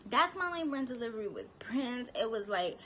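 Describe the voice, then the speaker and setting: Chatty young mom vlogger, noisy recording. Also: female voice, on the high side, very animated, fairly quick, a bit bright. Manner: chatty, candid, talks to her baby in a sing-song voice. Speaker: vlogger, new mother. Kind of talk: casual vlog storytelling.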